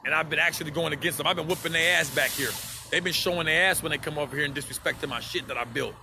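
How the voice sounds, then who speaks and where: A man's voice: a little high, racing, vocal fry, music in the background. A man on a livestream, speaking to his viewers in an impassioned, profane rant and repeating himself for emphasis.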